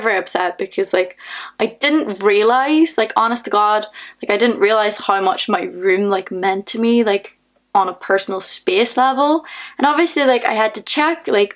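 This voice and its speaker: A young woman with a Northern Irish accent, telling a story in a casual, animated vlog with lots of fillers. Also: medium pitch. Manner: chatty, animated, many fillers, laughs often. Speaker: vlogger.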